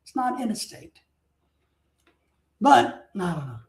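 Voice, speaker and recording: A man's voice: high voice, sing-song, takes it slowly, vocal fry. A man telling stories in a rambling, casual way, drifting off topic and breaking into mock outrage. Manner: talkative, wanders off topic. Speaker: streamer. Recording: roomy echo.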